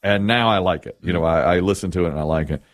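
A man's voice: sits low, quick pace, dry recording, clean studio sound. A middle-aged man hosting a show, chatting casually and telling rambling stories. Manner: chatty, rambling, with restarts and storytelling. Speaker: radio show host. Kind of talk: casual on-air chat.

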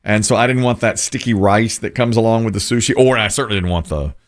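A man's voice: fairly low pitch, fast. A man hosting a show, chatting casually and laughing often. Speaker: radio show host. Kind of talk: casual chat.

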